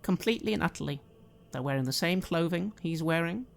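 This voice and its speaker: A man narrating a tabletop role-playing game as game master, measured and descriptive. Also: a little high, lively intonation, gravelly.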